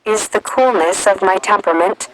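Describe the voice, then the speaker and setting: A woman narrating an audiobook in the first person, measured and reflective. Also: medium pitch, low-quality recording.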